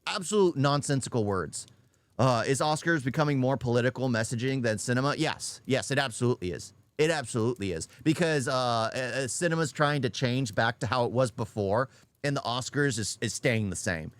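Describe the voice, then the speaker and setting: A man's voice: mid-range voice, brisk, no echo. A man ranting in an unscripted reaction video, blunt and often repeating his points. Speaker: YouTube reaction commentator.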